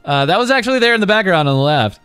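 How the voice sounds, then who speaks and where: A man's voice: high voice, big pitch swings, very fast, a bit bright, smooth, no room sound, faint music behind. A man casually commenting over clips as host of a news show, rambling with many uhs. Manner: rambling, full of uhs and laughs.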